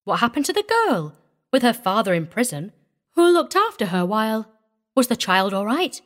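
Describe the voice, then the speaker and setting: Eager questioner by a woman reader, insistent, raised pitch. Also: very animated, extremely slow, a little mellow, slightly rough, exaggerated voice. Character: curious eager driver, pressing for the story.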